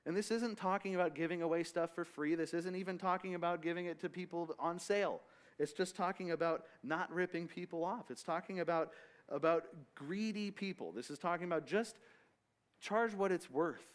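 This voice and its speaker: A man's voice: high voice, normal speed. A man leading a Bible study, teaching in a loose, conversational way with asides and restarts. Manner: casual, rambling with restarts and asides.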